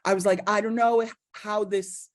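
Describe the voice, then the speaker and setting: An American woman with a Midwestern accent, a guest author speaking over a video call in a wry, self-deprecating, deadpan way. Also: medium pitch, moderate pace. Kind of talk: casual interview.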